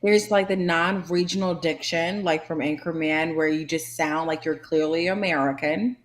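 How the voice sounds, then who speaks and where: Female podcast co-host, lowish voice, emphatic conversational delivery. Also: steady tone, moderate pace. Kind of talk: casual chat.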